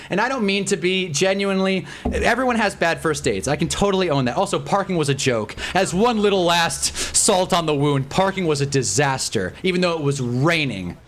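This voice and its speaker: A man's voice: fairly high pitch, a bit bright. A young adult man telling a story on a live game stream. He talks casually and with exasperation, swears freely and rambles with restarts.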